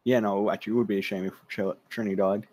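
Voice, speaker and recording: A man's voice: on the low side, little pitch movement, quick pace, a little mellow, dry recording. Sarcastic swearing podcast guy. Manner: sarcastic, swearing, mock dramatic. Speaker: podcast co-host. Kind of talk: casual chat.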